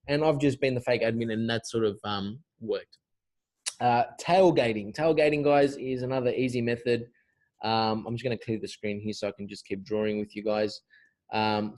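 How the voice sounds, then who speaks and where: A man explains security tricks in a casual, rambling lesson, stopping often with ums and restarts. His voice sits at an ordinary male pitch. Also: a little mellow. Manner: loose, chatty, many fillers and restarts. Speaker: cybersecurity instructor. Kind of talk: informal recorded lesson.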